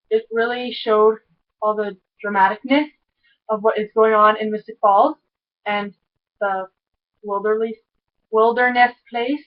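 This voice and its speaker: A woman giving an excitable, rambling recap of a TV episode, full of "like" and tangents. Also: on the high side, lo-fi sound. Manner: excitable, rambling, heavy use of "like". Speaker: TV episode reviewer. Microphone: camera mic.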